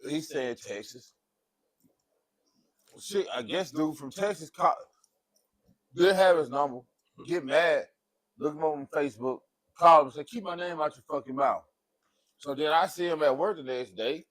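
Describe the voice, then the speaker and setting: A man's voice: fairly high pitch, measured pace, long pauses, a bit bright, no echo. A man chatting casually, telling a story in a laid-back way and rising for the quoted lines.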